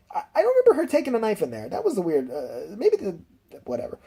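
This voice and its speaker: A man's voice: high voice, huge pitch swings, fast, warm tone, breathy edge. A man recapping a film in a rambling, profane, casual way with laughing asides. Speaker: film reviewer.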